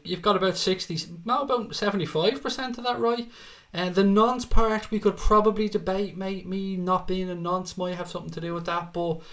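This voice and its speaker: A high-pitched, fairly bright-toned man from Ireland hosts a casual live stream. Speaking with an Irish accent, he reads viewer comments aloud and chats back with jokes and swearing.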